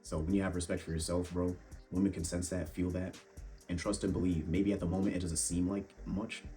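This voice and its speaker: Deep-voiced blunt young man, swearing freely. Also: flat delivery, fairly quick, dark tone, faint music behind. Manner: blunt, profane, calls viewers bro. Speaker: fitness and dating vlogger. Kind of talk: casual monologue to camera.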